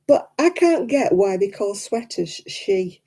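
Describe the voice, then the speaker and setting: A British woman chatting casually on her crafting livestream, mimicking people in high voices as she tells stories. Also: animated, slow, warm tone, husky. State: struggling with hand pain. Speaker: livestream host.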